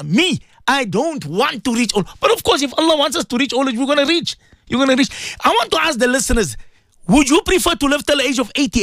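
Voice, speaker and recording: A high-voiced middle-aged man, hosting talk radio in a studio. He rambles with feeling and turns often to his co-host and his listeners. The sound is dry and close. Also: fairly bright tone, no room sound. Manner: emotional, rambling, addresses co-host and listeners directly.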